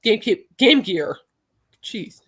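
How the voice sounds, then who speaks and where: A woman's voice: medium pitch, animated, slow, slightly rough. A young adult woman hosting a podcast in casual chat, rambling and laughing often. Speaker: podcast host.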